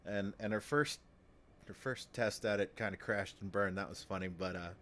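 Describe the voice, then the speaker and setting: A man casually commenting while he plays a game on stream, sometimes dropping into a low, menacing voice. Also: fairly even intonation, normal speed, a bit bright, a little hiss or hum. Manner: low, muttered mock-villain asides.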